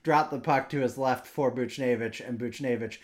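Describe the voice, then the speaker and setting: A man co-hosting a casual sports podcast, jokey and excitable, laughing often as he talks. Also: mid-range voice, moderate pace. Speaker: podcast co-host.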